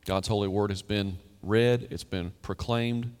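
A male pastor preaching a sermon in a conversational way, with sudden emphatic rises and quiet drops. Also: lowish voice, fairly even intonation, measured pace, clear, resonant tone. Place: church sanctuary. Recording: long church hall reverb.

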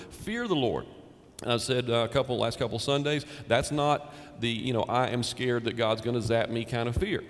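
A man's voice: medium pitch, in a large hall. A man, a pastor, preaching a sermon in a conversational way with emphatic repetition.

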